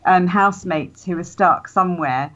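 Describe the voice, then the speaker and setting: A woman's voice: on the low side, moderate pace, fairly bright tone. A woman, a guest TV critic, talking enthusiastically and rambling a little. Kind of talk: casual chat. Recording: dull lo-fi sound.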